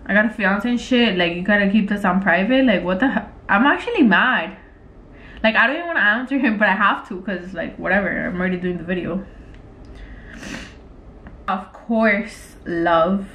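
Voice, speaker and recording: A woman's voice: mid-range voice, quick pace, roomy sound. Exasperated chatty woman vlogger. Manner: expressive, exasperated, swears, many fillers. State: pregnant. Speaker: vlogger, prank channel co-host. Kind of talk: casual vlog chat while texting.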